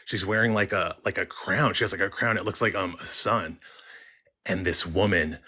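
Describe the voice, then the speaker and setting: A young man casually telling a first-person story as a caller, halting and restarting with many likes and ums. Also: deep voice, steady tone, sharp tone, slightly rough.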